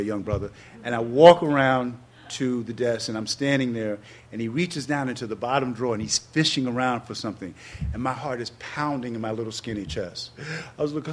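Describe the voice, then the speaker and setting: A man, telling a personal story in an interview and acting out quotes in loud, high bursts. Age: 60s. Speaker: interview guest.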